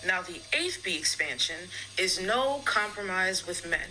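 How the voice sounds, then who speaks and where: A woman's voice: fairly low pitch, animated, a little slow, pushed and bright, poor audio. A woman explaining a set of principles in a firm, matter-of-fact monologue.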